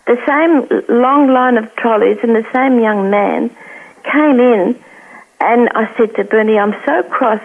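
An older woman from Australia tells her story down a phone line that sounds tinny and thin. Her voice sits a little high with a gravelly, creaky edge. She tells it earnestly and brings each quoted voice to life. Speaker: guest. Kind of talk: telling a personal story.

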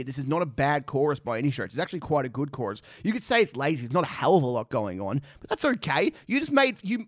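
A man's voice: fairly high pitch, dry recording, studio quality. A man giving profane, sarcastic reaction commentary. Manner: sarcastic, mocking, swears a lot.

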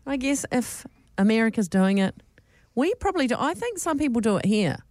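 A woman's voice: fairly high pitch, very animated, a little fast, darkish tone, no room sound. A woman, hosting casual radio chat in a chatty, giggly way with plenty of fillers. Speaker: radio host.

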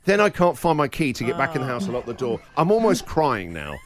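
A man's voice: medium pitch, wildly swooping pitch, fairly quick, a crowd in the background. A man in his forties, a radio host, telling an exasperated comic story and acting out the quotes. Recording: radio studio.

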